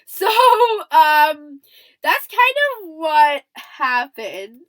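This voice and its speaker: Young woman chatting on her podcast, high lively voice, keeps saying okay? and acting out quotes. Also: drawn-out words, rough recording. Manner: chatty, checks in often with "okay?" and "right?"; acts out quoted lines and laughs. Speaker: podcast host. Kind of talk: casual commentary podcast.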